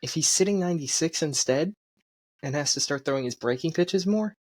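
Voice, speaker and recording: A man's voice: fairly high pitch, expressive, a little fast, no echo. A man co-hosting a casual sports podcast, rambling as he makes his points. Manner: rambling, many fillers and restarts while making points. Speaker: podcast co-host.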